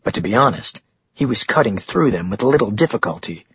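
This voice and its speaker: A man narrating an audiobook in a steady storytelling manner. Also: on the low side, brisk, slightly rough, dry recording. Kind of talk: scripted narration. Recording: dull dry muffled recording.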